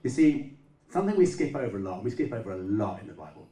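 A man's voice: lowish voice, big pitch swings, fast talker, warm tone. A man preaching a sermon in an emphatic, conversational way, repeating his words for stress. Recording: roomy echo, voice heard from a distance.

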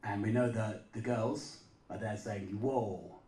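A man's voice: on the low side, fairly even intonation, unhurried, a little mellow. A man preaching a sermon in an emphatic, conversational way, repeating his words for stress. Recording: roomy echo, voice heard from a distance.

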